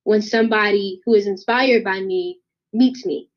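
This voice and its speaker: This young woman is a singer guesting on a casual interview, speaking at medium pitch and normal speed. She's animated, performing the voices of the people in her story, and the recording sounds dull and lo-fi.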